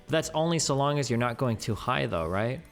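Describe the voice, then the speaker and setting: Male streamer, low fried voice, reads and picks apart an article, faint music under. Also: animated, brisk, gravelly. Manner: thinks aloud, questioning, many "like"s. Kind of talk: livestream commentary, reading an article aloud.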